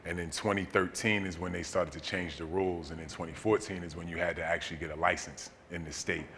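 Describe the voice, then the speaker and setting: Man, very low voice, bright tone, relaxed folksy storytelling, long hall reverb, faint noise. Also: fast talker. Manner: relaxed, folksy, many fillers. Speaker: interview guest, storyteller. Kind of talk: casual storytelling at a seminar. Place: seminar hall in a large venue.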